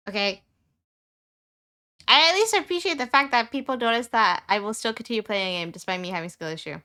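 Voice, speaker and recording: Bright-voiced chatty young woman streamer. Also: animated, a little fast. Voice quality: high-pitched, squeaky at times. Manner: chatty, repeats herself, many fillers. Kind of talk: casual chat with viewers.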